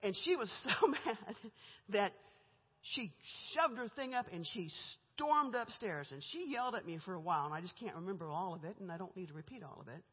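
This is a church testimony from a middle-aged woman invited as a guest speaker, who tells her own story in a chatty, candid way and laughs between lines. Her husky, expressive voice is medium in pitch and runs a little fast. The sound is muffled and echoes through the church hall.

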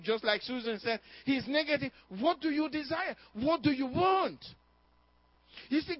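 A man's voice: very high voice, dry recording. A man preaching a sermon, emphatic, firing questions at his congregation and laughing now and then. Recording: dry, dull lo-fi recording.

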